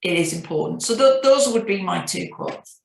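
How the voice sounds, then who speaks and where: A middle-aged CEO with a Northern English accent, interviewed about business, shares anecdotes in a reflective way and often restarts. Her voice is on the low side with vocal fry, animated at a moderate pace. The recording is poor, with a roomy sound.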